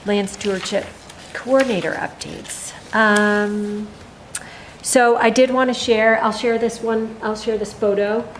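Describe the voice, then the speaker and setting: A woman delivers her coordinator's update at a town meeting at a slow, easy pace. She talks informally and stops often to gather her thoughts. A faint hum sits under her voice. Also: mid-range voice, steady tone, poor audio. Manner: unhurried, informal report with frequent pauses. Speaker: land stewardship coordinator. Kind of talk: staff report at a town meeting.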